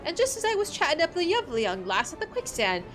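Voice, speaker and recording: Gruff bald man, blustering, coarse, as a woman puts him on. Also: extremely high pitch, big pitch swings, quick pace, voice pushed up. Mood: indignant.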